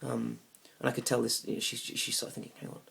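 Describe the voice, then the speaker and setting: A young man telling a comic story about a bad date, awkward and rambling, now and then bursting into loud indignant rants. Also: mid-range voice, monotone, fast, creaky. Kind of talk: deadpan comic monologue.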